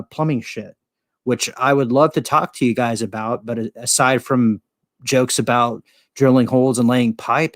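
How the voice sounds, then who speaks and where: A man's voice: medium pitch, no echo. A man chatting loosely and profanely, full of fillers and self-deprecating asides. His voice sits mid-range and the recording is dry and close. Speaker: vlogger. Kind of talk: casual chat.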